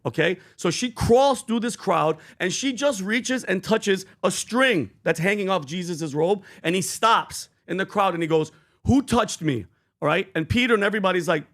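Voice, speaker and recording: A man's voice: high voice, moderate pace, fairly bright tone. A man, co-hosting a podcast, talking earnestly with many fillers and restarts as he retells a scripture story. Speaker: podcast co-host. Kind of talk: animated casual podcast talk, retelling scripture.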